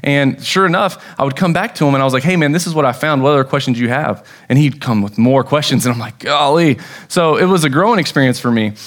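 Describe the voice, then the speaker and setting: A young adult man with an American accent, a pastor preaching a sermon in a conversational, storytelling way that bursts into excitement. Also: medium pitch, quick pace.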